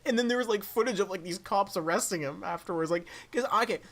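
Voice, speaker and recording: A man's voice: high voice, fast talker, fairly bright tone. A young man on a podcast, chatting casually and animatedly, saying "dude" a lot and acting out silly voices. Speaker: podcast co-host. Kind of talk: casual chat.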